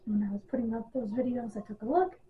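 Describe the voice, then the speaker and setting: A woman's voice: a little high, fast, slight background noise. A woman giving a casual, exasperated wrestling news rant, sarcastic and full of ums. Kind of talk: casual ranting monologue. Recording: tinny phone-like audio.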